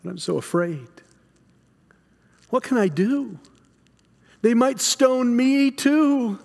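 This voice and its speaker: A man playing the frightened, guilt-stricken apostle Peter in a dramatic first-person monologue, halting and stammering over his words. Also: high-pitched, expressive, in a large hall. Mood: ashamed.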